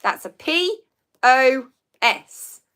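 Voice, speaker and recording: A woman's voice: sits high, very animated, very slow, a bit bright. A woman, hosting a casual live quiz chat and reading out viewer comments with frequent laughter. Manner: chatty, giggly, reads out viewer comments. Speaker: livestream host.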